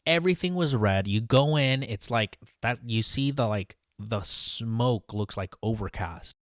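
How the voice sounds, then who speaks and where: A man who works as a line cook vents in a loose, profane monologue. His voice sits at an ordinary middle pitch, and the recording is dry with no room sound. He fills his talk with "like" and "dude" and keeps circling back as he speaks. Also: expressive, unhurried, dry recording. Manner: profane and heated, heavy on "like" and "dude"; rambling with frequent restarts. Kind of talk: casual storytelling monologue.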